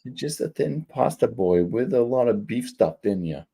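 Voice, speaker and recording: A man's voice: mid-range voice, animated, normal speed, creaky, mellow, husky. A man chatting casually on a beer review show, joking and restarting his words as he goes. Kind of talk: casual chat.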